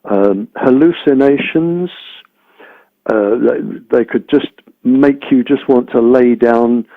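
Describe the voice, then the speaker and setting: A man explaining things in a slow, deliberate way, listing items with hesitant ums, heard over a tinny phone-like line. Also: mid-range voice, no echo.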